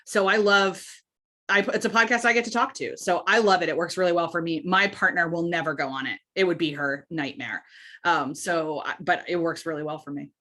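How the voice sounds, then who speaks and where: A woman with a fairly low-pitched voice speaks as a podcast guest in relaxed interview conversation. She sounds emphatic and candid, often breaking off and restarting mid-thought. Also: a little fast. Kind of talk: casual interview chat.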